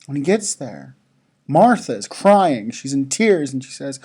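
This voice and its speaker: Slow, lively storyteller addressing children. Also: medium pitch, slightly rough. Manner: storytelling, asks the children questions. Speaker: chapel speaker at a school. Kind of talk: children's chapel talk.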